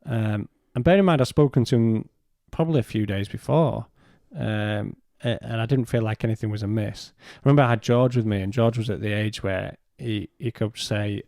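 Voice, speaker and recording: A man, a podcast guest, telling a personal story in a halting way and retelling what was said in his own words. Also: on the low side, creaky, mellow, dry recording, clean studio sound.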